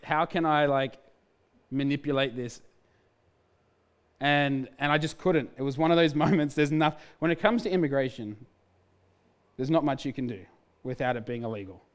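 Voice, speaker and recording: A man's voice: mid-range voice, smooth. A man, a pastor, telling a candid personal testimony in a sermon, with restarts and self-mocking humor.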